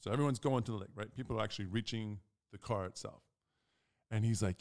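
A young man co-hosting a casual chat, telling a long story and acting out the quotes with big jumps in pitch. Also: fast talker, vocal fry, a little mellow. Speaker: podcast co-host.

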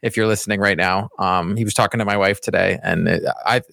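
A married man co-hosting a casual podcast, telling an anecdote in an animated way. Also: on the low side, quick pace, vocal fry, no echo, studio quality. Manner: storytelling, animated retelling. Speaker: podcast co-host.

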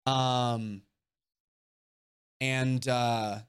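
A man's voice: mid-range voice, flat delivery, very slow, clear, resonant tone. A young man hosting a livestream, answering viewer questions in casual, earnest chat, emotional and swearing casually.

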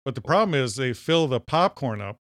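A man's voice: mid-range voice, big pitch swings, fairly quick, fairly bright tone, no echo, studio quality. A man from Minnesota with a Minnesotan accent, co-hosting a podcast and telling stories with enthusiasm. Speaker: podcast co-host. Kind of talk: casual chat.

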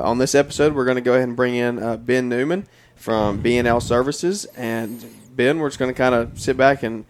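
A man's voice: medium pitch, a little hiss or hum. A man from Alabama with a Southern accent, hosting a podcast in a friendly, upbeat, casual chat. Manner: friendly, upbeat, quick-talking. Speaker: podcast host.

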